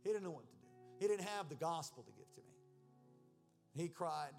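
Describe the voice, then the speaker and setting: A man's voice: on the high side, very animated, normal speed, gravelly, darkish tone, soft background music. A man preaching a personal testimony in church, earnest and emotional. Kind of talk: sermon testimony.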